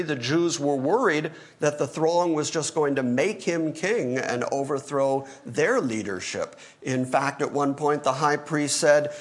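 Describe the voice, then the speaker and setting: A male pastor teaching through a Bible passage in an emphatic sermon, acting out the quoted lines. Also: a little high. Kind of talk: expository sermon.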